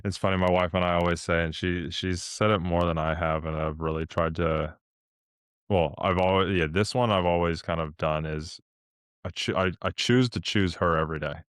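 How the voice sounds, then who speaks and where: A man's voice: steady tone, normal speed, clear, resonant tone, no room sound, studio quality. A man hosting a podcast interview, talking earnestly and emotionally, at times getting teary. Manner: mimics himself with a much higher voice in quoted asides. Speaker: podcast host. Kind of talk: casual interview chat.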